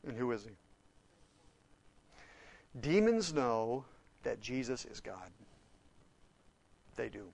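A man from Oklahoma preaching a conversational sermon. He is animated and emphatic, often questioning his listeners and slipping into casual fillers. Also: mid-range voice, slow pace, vocal fry, pauses often. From Oklahoma, USA. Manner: animated and emphatic, questions his listeners directly and gets loud on key points; informal, with fillers and restarts. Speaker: pastor or Bible teacher. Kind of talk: sermon, conversational Bible teaching.

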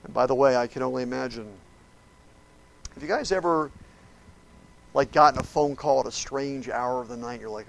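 A male preacher with a gravelly, mid-pitched voice delivers a sermon. He tells the story dramatically and speaks directly to his listeners. His voice swings between hushed tones and loud bursts. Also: moderate pace, pauses often, slight background noise, poor audio.

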